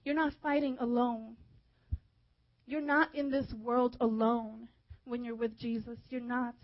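A young woman preaching a fervent sermon, urging her listeners and dropping to a hushed tone at times. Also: a little high, fairly even intonation, unhurried, dull audio. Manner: fervent, exhorting, with hushed softer stretches.

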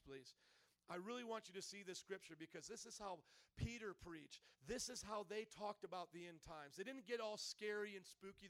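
A man preaching a sermon at a church service, moving from calm teaching into loud, stretched-out preaching. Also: sits high. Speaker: pastor.

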